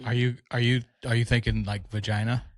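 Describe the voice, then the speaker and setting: Rambling, joking podcast host. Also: male voice, medium pitch, level tone, dry recording, clean studio sound. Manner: rambling, joking, quick asides. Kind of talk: casual chat.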